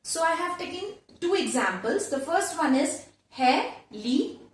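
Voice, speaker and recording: A woman teaching a grammar lesson to children, repeating each word slowly several times. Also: very high-pitched, animated. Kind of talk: slow classroom lesson for children. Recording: very echoey room, voice from far off.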